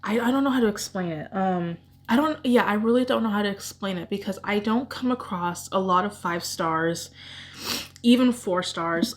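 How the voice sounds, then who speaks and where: A woman vlogger chatting casually about her favorite books, gushing and rambling with emotion. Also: medium pitch. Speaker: book vlogger. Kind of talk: casual book chat.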